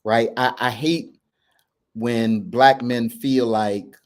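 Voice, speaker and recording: Earnest low-voiced man coaching. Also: fairly even intonation, takes it slowly, a little mellow. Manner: earnest, reflective, many restarts and emphatic "right?". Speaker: men's coach and podcast host. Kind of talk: candid conversational coaching talk.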